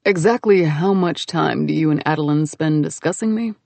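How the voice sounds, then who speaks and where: A reserved young man speaks in a dry, understated way, a little lower than the narrator, voiced by a woman reading. The sound is close and dead, with no room around it. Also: moderate pace, vocal fry, darkish tone, no echo.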